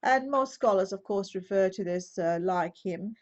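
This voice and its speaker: A woman Bible teacher giving an explanatory teaching talk, methodical and measured, now and then correcting herself mid-sentence, on a slightly dull lo-fi recording. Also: medium pitch.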